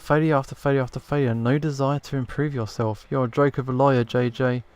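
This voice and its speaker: A scornful, haughty noblewoman from a video game, as a man reads her out. Her tone is cutting and contemptuous, at an average pitch. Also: steady tone, fast talker, darkish tone, clean tone, close to an everyday voice.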